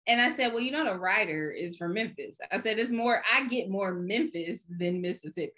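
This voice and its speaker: A woman co-host in casual conversation about television. She is emphatic and teasing, cuts in often, and speaks at a mid pitch. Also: lively intonation, pushed and bright. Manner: emphatic, teasing, quick to interject. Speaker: podcast co-host. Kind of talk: casual chat about TV shows.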